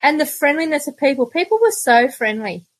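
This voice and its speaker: A woman's voice: high-pitched, very animated, brisk, dry recording, low-quality recording. A middle-aged Australian woman, a podcast guest, telling stories in casual chat and laughing often. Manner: chatty storyteller, laughs often.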